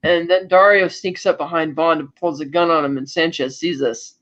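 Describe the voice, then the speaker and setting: A high-pitched man tells a film's story like he's chatting with a friend. He breaks into short character voices along the way. The recording sounds a bit dull and lo-fi. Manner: animated storytelling with quick voiced asides. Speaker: podcast co-host. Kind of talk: casual film recap.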